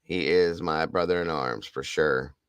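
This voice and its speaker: A very deep-voiced man hosts a livestream and talks casually to his viewers, thanking them over and over with open emotion. The sound is dry and close, with no room around it. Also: measured pace, a bit bright, clear, resonant tone, no echo. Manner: emotional, effusive, repeats thanks and praise. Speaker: livestream host.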